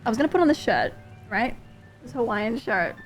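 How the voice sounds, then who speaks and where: A woman with a higher voice chats loosely on a game livestream. Her pitch bounces around a lot, she gets excitable and swears without a second thought, and quiet game music runs faintly behind her. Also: fairly quick. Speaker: streamer. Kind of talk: casual gameplay livestream chat.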